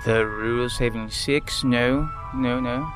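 A man's voice: medium pitch, steady tone, slow, over music, close to an everyday voice. A man voicing a nervous male juggler who stammers and keeps apologizing. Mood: flustered.

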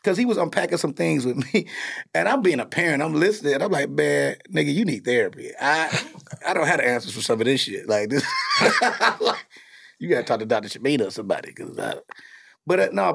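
A man, a comedian and dad hosting a podcast, telling stories in a casual, animated way with plenty of cursing. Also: mid-range voice, brisk, vocal fry, breathy edge. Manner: animated storytelling, cursing freely. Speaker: podcast host; comedian and father.

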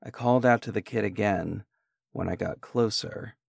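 A man reading a first-person horror story aloud in a measured, unhurried way. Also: on the low side, gravelly, slightly rough, dry recording, studio quality.

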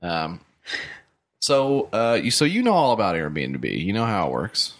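This man has a very low, deep voice. He riffs crude, joking bits in a loose podcast chat with a friend. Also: sing-song, a little slow. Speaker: podcast co-host. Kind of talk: casual comedic chat.

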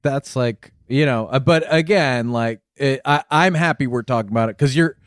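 A man's voice: mid-range voice, moderate pace, dry recording, clean studio sound. A man co-hosting a podcast in casual comedic chat, joking and mock-indignant. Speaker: podcast co-host.

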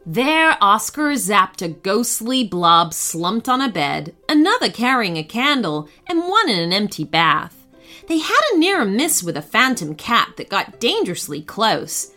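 A woman narrating a children's bedtime story with expressive, animated storytelling. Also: mid-range voice, unhurried, soft background music.

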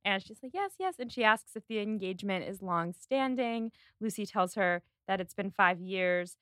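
Woman podcast host, bright tone, dry recording; lively, acts out quoted lines. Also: medium pitch, moderate pace, no room sound. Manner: animated, quotes characters in voices. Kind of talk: casual chat.

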